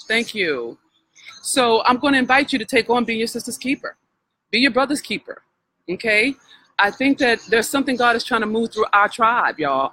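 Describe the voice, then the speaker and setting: Husky-voiced woman giving a heartfelt healing talk. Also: on the high side, pushed and bright, poor audio. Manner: heartfelt, preacher-like, addresses listeners directly. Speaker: spiritual wealth coach. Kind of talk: live-streamed healing talk.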